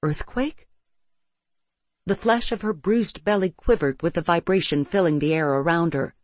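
A narrator reading science-fiction adventure fiction aloud in a steady storytelling manner, close to the mic. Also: medium pitch, fairly quick, no echo. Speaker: audiobook narrator.

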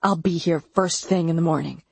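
A woman's voice: low voice, moderate pace, vocal fry, a little mellow, husky, dry recording, exaggerated voice. A woman voicing a worried young man who protectively urges his girlfriend to come with him, in an audiobook. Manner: urgent, pleading.

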